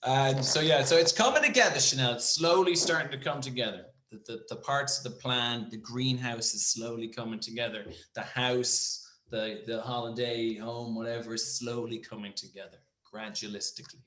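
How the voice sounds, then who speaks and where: A man's voice: mid-range voice, normal speed, few pauses, sharp tone. Rambling jokey podcast man. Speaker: podcast co-host. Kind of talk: casual chat. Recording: roomy echo.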